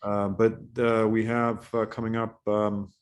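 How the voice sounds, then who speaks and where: Brief: male podcast guest, low-ish voice, relaxed agreeable chat. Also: smooth. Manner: laid-back, quick to agree. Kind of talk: casual chat.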